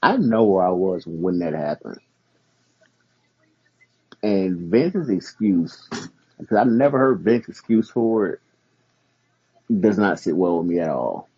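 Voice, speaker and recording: A man co-hosting a podcast in casual chat, blunt and animated. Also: sits low, slow pace, long pauses, husky. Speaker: podcast co-host. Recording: dull lo-fi audio.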